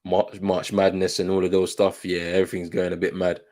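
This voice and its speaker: A low-voiced man hosts a live football watchalong stream. He talks in a relaxed, chatty way, calling the play and reading out viewers' comments as he goes. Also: a little fast.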